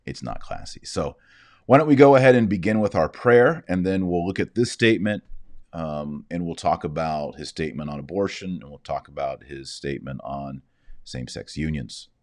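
Casting: Texan man, very deep voice, mouth numb from dental work, relaxed slurred drawl. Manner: slightly slurred, slow drawl. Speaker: Catholic commentary host. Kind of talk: casual commentary.

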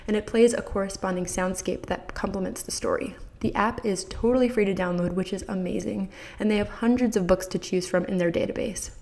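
A woman's voice: medium pitch, a little mellow. A woman hosting a podcast who gives parents enthusiastic, encouraging advice and speaks straight to the listener. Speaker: podcast host.

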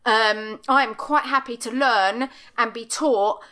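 A middle-aged woman co-hosts a podcast over a video call, her voice bright and pitched a little high. She rants with blunt, emphatic force and swears freely, in a casual chat style. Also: slow, few pauses. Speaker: podcast co-host. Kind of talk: passionate casual rant.

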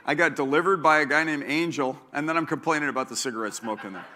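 A man's voice: a little high, fast, pushed and bright, slight background noise. A man preaching a sermon as pastor, repeating key lines and telling stories with a laugh.

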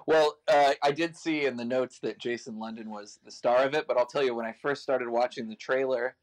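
A man's voice: mid-range voice, steady tone, brisk. A man in casual podcast chat, talking candidly, swearing and laughing as he goes.

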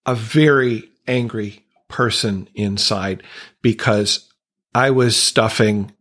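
A man's voice: lowish voice, takes it slowly, fairly bright tone. A man speaking as a podcast guest, earnest and reflective, candidly telling a personal recovery story and openly emotional at times.

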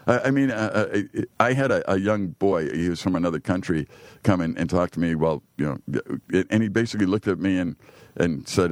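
A man's voice: low-pitched, brisk, no echo, studio quality. A man from Chicago hosting a podcast, telling rambling stories full of restarts and little laughs. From United States, Chicago. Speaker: podcast host. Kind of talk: casual conversation.

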